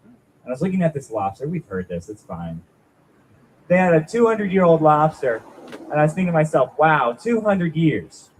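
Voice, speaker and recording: A man's voice: fairly high pitch, sing-song, fairly quick, long pauses, darkish tone, slight background noise, rough recording. A young man doing a rambling, self-deprecating stand-up set at a small open mic, chatting with the crowd. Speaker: stand-up comic.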